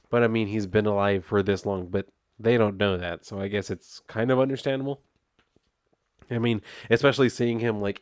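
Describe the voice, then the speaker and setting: Laid-back man with a low voice. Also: smooth, no room sound, studio quality. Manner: laid-back, loose, full of "like" and "or whatever". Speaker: comic book reviewer. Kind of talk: casual spoken review.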